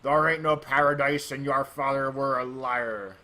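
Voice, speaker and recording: A gruff pirate villain, as a man puts him on for a storybook read-aloud. He growls his words out slowly and loudly, dragging each phrase in a menacing drawl. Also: mid-range voice, fairly even intonation, lightly acted. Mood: taunting.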